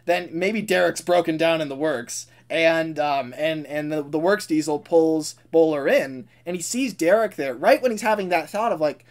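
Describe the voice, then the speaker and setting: A man co-hosting a podcast in casual chat, acting out characters in quick bits. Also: a little high. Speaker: podcast co-host.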